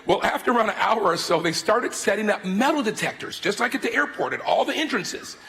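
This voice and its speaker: A man in his fifties preaches as a guest speaker, his high voice swooping widely as he acts out his stories. His delivery is animated and theatrical. The sound carries the long reverb of a large hall. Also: brisk, creaky. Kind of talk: sermon with storytelling. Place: large university worship hall.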